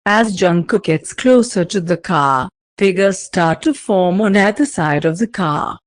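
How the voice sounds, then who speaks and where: A woman reading fan fiction aloud as narrator, in slow, even storytelling. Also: lowish voice, no echo.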